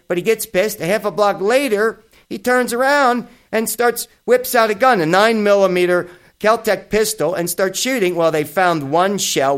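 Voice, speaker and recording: A man's voice: fairly high pitch, fairly bright tone, clear, resonant tone. A middle-aged man hosting a podcast, giving blunt, profane opinion commentary in a casual style. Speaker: podcast host.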